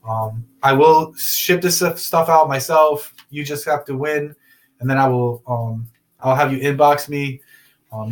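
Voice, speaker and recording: A young man hosting a casual talk show, loose and rambling, laughing often. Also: mid-range voice. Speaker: podcast host. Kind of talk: casual chat.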